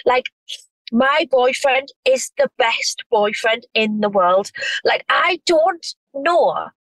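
A woman's voice: sits high, animated, slow, a bit bright, dry recording, rough recording. A woman, talking in a gushing, effusive way full of restarts. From North East England. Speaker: reality TV star guest. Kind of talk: casual chat.

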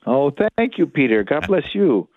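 A man's voice: on the high side, big pitch swings, normal speed, dry recording. A priest speaks earnestly on a radio call-in show, his voice rising and falling with lots of life. He acts out inner thoughts to drive a point home. The sound comes through dry and thin, like a phone line. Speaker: priest, spiritual director. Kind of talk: catholic radio talk.

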